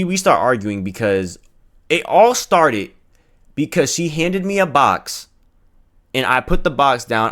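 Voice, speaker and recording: A young man tells a personal story in a casual vlog. He talks in an animated, slangy, profane way and acts out the quotes, with a voice of average pitch.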